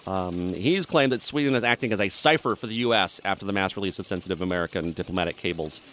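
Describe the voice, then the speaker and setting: A male radio co-host reading news items on air with a dry, wry touch. His voice sits a little low. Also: quick pace, a bit bright, slight background noise.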